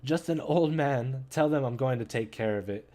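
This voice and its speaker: A man voicing a polite, elderly gentleman in a slow, put-on while reading a comic aloud. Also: mid-range voice, lightly acted. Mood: polite, measured. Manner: slow, measured, mannered delivery. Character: genteel elderly English gentleman, polite and calm.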